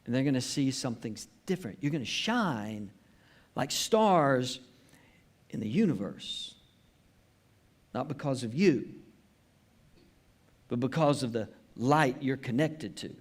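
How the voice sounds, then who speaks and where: A man's voice: medium pitch, animated, measured pace, pauses often. A man preaching a sermon as pastor at a church service, earnest and emphatic, repeating his key phrases.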